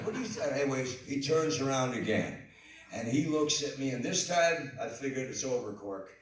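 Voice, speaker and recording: An older man telling a rambling, animated story on stage at a live venue, full of laughing asides. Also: medium pitch, moderate pace. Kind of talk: live anecdote. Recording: echoey hall, distant mic.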